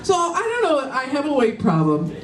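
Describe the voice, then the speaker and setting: A woman in her forties tells brash, bawdy stories on stage, her pitch swinging widely as she talks at an unhurried pace. She sounds set back from the mic in an echoey lounge. An audience laughs around her. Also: huge pitch swings, over a noisy crowd, very noisy. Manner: brash, bawdy, chatty storytelling. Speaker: stand-up comedian. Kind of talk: stand-up set. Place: hotel lounge comedy club. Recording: roomy live room, distant mic, audience.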